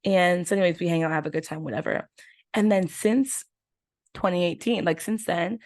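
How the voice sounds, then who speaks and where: A woman in her twenties hosting a podcast, telling a story in a chatty, animated way with lots of fillers. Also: on the low side, normal speed, dry recording, clean studio sound. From United States. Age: 20s. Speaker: podcast host. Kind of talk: casual chat.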